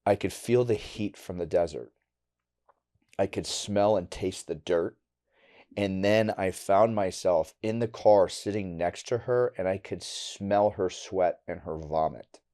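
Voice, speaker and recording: Low, dark-voiced middle-aged man. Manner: candid and blunt, with casual swearing; halting and emotional on hard memories, dropping quiet. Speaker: podcast guest. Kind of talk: personal storytelling in a podcast interview.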